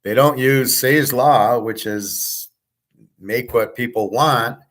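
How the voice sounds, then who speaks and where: A man's voice: mid-range voice, slow, fairly bright tone. A middle-aged man hosting his own show, talking casually in a blunt, digressive way and swearing often. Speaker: host. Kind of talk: casual rambling talk.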